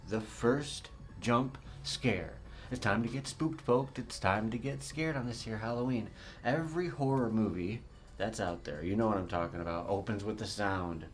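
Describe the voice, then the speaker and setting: Rambling male recovery show host. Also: on the low side. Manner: rambling, playful, greets viewers by name; swings between fast chatter and slow dramatic delivery. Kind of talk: casual livestream talk.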